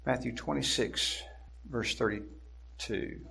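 A man preaching an expository sermon, deliberate and emphatic, slowing down to stress key words. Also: medium pitch, gravelly, bright, forceful tone.

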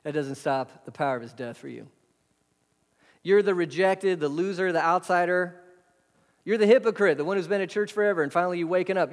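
A pastor preaching a sermon in a conversational way, full of rhetorical questions. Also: male voice, high voice, moderate pace. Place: church hall. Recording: hall reverb.

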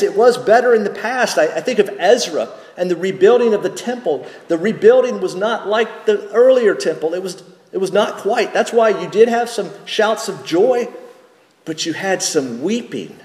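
A man, a pastor, preaching a sermon slowly and deliberately, with rhetorical questions and small restarts. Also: high voice, expressive, a little mellow. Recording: echoey church hall with long reverb.

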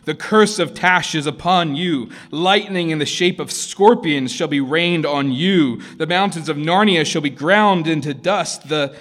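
A man's voice: fairly high pitch, a little slow, hardly any pauses, fairly bright tone, pitched above the performer's own voice. A man doing a shrieking, arrogant villain prince. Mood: raging. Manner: shrieking, ranting.

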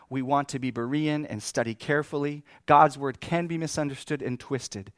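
A man preaching a sermon in an animated, lively way, often laughing and acting out the scripture he talks about. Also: on the high side, no room sound, studio quality. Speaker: pastor.

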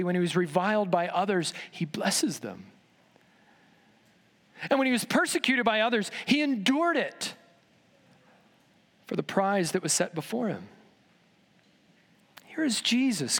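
A man preaching a sermon in a church, emphatic, dropping low and slow on key words. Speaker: pastor. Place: large church sanctuary. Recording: long reverb in a church hall.

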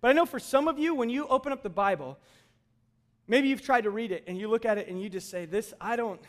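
A man with a notably high speaking voice delivers a sermon from the front of a church. He talks conversationally and jokes with the congregation as he preaches. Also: expressive, fast talker. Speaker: pastor.

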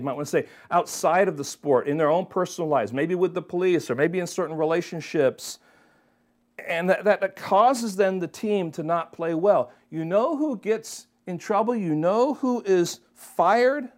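A man preaching a sermon, who calls his listeners friends and keeps asking them rhetorical questions. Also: sits high. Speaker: pastor.

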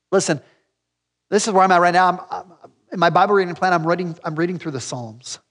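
High-voiced preacher in an echoey hall. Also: male voice, fairly bright tone. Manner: conversational, direct, emphatic. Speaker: pastor. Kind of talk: sermon. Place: church sanctuary.

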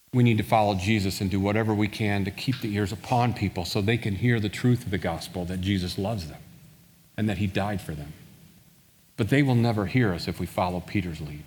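A man's voice: lowish voice, a little mellow. A man preaching a sermon, telling a story and acting out the quoted lines. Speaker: pastor. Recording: long hall reverb.

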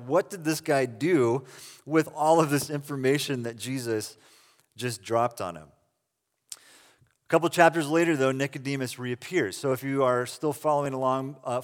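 Conversational male preacher in a reverberant hall. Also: on the high side. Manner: conversational, animated retelling with casual asides. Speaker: pastor. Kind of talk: sermon.

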